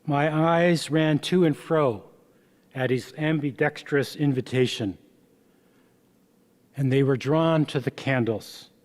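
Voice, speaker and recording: A man, the author, reading aloud from his memoir in a slow, measured way with small stumbles. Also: fairly high pitch, darkish tone. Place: event hall. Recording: long reverb from a hall.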